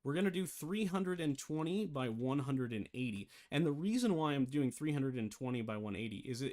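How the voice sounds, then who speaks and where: A man talks through a software tutorial in a loose, casual way, thinking aloud and catching his own slips. His voice sits at an ordinary middle pitch. He has the hiccups. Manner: rambling, self-correcting, thinks aloud. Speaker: game development tutor. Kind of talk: casual screen-share tutorial.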